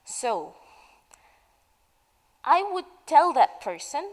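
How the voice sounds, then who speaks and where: Slow, patient woman teaching idioms. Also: mid-range voice, lively intonation, darkish tone, big-room sound, rough recording. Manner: slow, patient, asks questions and answers them. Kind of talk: slow explanatory lesson narration.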